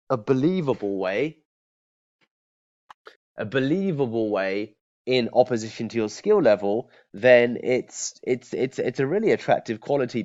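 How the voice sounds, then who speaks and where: A man's voice: medium pitch, darkish tone. A man teaching cold calling in a conversational way, often restarting and checking in with "okay?". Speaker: sales trainer. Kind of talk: training talk to camera. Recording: dull lo-fi sound.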